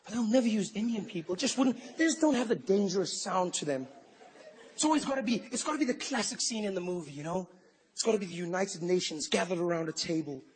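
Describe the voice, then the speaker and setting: Animated, high-voiced male stand-up comedian. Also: quick pace, a little hiss or hum. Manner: animated, rambling, with frequent asides. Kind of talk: stand-up routine.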